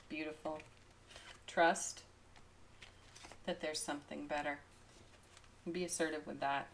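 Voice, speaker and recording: A woman's voice: sits low, fairly even intonation, slow pace, pauses often, a little hiss or hum. A woman doing a daily tarot card reading, talking through the cards with frequent giggles and enthusiastic exclamations. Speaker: tarot reader.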